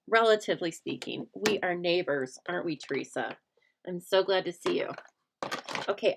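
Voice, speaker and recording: A woman's voice: mid-range voice, vocal fry. A middle-aged woman hosting a live papercraft stream, chatting casually, teasing herself and greeting viewers by name. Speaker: host of a live stamping and papercraft show.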